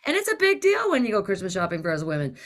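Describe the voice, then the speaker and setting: A woman in her forties, co-hosting a casual chat, telling a story with animated delivery, swearing freely and acting out the people in it. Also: medium pitch, rapid-fire. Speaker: podcast co-host.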